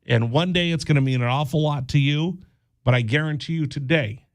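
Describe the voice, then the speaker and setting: A man hosting a radio show, speaking in a halting, heartfelt monologue, often repeating words and close to tears. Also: fairly high pitch, no room sound. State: teary-eyed. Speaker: radio host.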